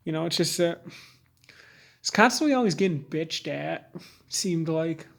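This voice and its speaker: Halting, rambling young man, slightly high voice. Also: lively intonation, creaky, fairly bright tone. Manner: rambling and halting, full of fillers and restarts; earnest and candid. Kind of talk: personal vlog monologue.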